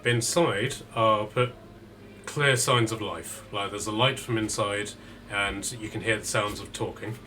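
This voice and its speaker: A man's voice: fairly low pitch, fairly even intonation, measured pace, background noise. Casual man narrating as game master. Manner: casual, many fillers and restarts while describing scenes.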